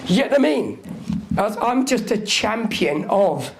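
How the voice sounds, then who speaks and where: A music figure in his sixties tells stories unhurriedly as a live Q&A guest, his high voice creaky and sing-song, with a little hiss or hum in the audio. He's brash and foul-mouthed and acts out other people's words.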